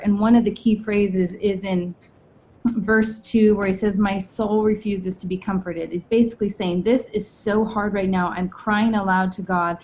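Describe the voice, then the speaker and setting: A woman talks through a devotional in an earnest, reflective way, often restarting her sentences. The sound is dull and lo-fi, like a video call, with a faint rumble underneath. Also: darkish tone. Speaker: church member sharing a devotional. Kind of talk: informal devotional talk. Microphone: video call mic.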